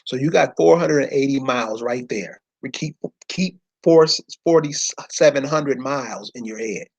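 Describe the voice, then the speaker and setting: A man's voice: mid-range voice, moderate pace, gravelly, a little mellow, lo-fi sound. A man giving an informal lecture from a map, speaking in loose slangy speech and firing rhetorical questions straight at his listeners.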